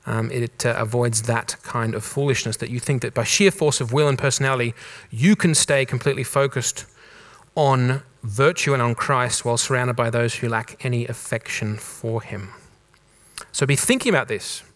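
In a church in Germany, an Australian pastor with a mild accent softened toward neutral English delivers a conversational sermon. He keeps restarting phrases and repeating rhetorical questions, his medium-pitched male voice steady at a moderate pace.

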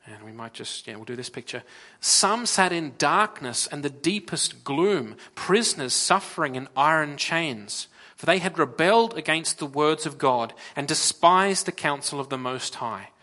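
An Australian man delivers a sermon with a bright, forward voice. He is earnest, rising to firm emphasis and then dropping to hushed lows, pausing and restarting as he speaks from notes. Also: lively intonation. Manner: earnest, swings from loud emphasis to near-whispered lows. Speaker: preacher.

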